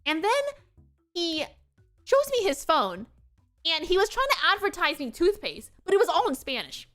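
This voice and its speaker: A young American woman with a high, bright voice tells chatty travel stories on her stream. She giggles often and acts out the people she met. Soft music plays faintly behind her. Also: moderate pace. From United States. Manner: giggly, animated storytelling with quoted voices. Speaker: VTuber streamer. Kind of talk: casual chat.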